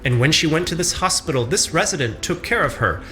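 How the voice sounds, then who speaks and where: A man reading scripted documentary narration about a medical case, measured and dramatic. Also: fairly high pitch, animated, a bit bright. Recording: narration played from a video, with background music.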